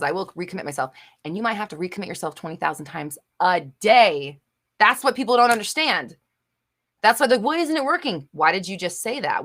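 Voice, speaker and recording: Reading viewer comments during a live manifestation Q&A, a young adult woman answers bluntly and emphatically, dropping casual swears and many fillers. Her voice is lowish with a fairly bright tone.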